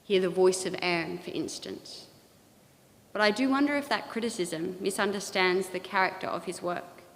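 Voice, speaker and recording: A woman giving a measured, thoughtful talk on poetry in a large church. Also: fairly low pitch. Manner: measured, thoughtful, with occasional restarts. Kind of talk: reflective lecture in a church. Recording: long reverb of a large hall.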